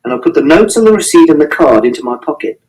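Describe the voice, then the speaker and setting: A man's voice: a little high, expressive, fast, darkish tone. A man reading a first-person novel aloud in an earnest, literal, matter-of-fact way. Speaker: reader. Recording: distant mic.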